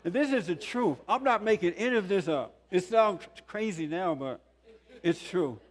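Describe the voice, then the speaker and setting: An older man in his sixties tells his own story to a conference audience. His voice sits a touch high for a man, and he speaks earnestly, with chuckles and emphatic peaks. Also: lively intonation, normal speed. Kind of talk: testimony talk to a conference audience. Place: conference hall.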